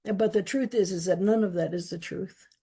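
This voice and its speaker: A woman's voice: medium pitch, fairly even intonation, moderate pace, mellow, breathy edge. A woman giving a candid, emphatic personal testimony at a recovery meeting, often repeating words for stress. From Texas.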